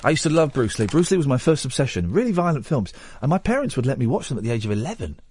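A man's voice: medium pitch, very animated, racing, a little mellow, husky, dry recording, clean studio sound. A middle-aged man hosting a late-night radio phone-in, rambling and self-mocking as he chats with callers.

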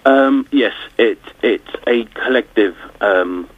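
A man who campaigns for his family, speaking haltingly in a radio interview, with many fillers and restarts. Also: mid-range voice. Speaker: campaigner and bereaved family member. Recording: tinny phone line.

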